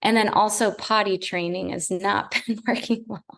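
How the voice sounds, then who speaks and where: A woman's voice: medium pitch, fairly even intonation, moderate pace, vocal fry, fairly bright tone. A woman in a group call speaking candidly, rambling a little and laughing as she talks. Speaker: group member sharing. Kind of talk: casual group discussion.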